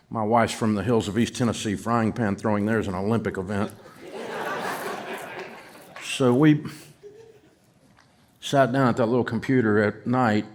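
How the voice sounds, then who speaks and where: A middle-aged man with a Southern US accent, telling a folksy, self-mocking story to an audience. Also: lowish voice. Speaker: speaker addressing an audience. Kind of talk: storytelling talk.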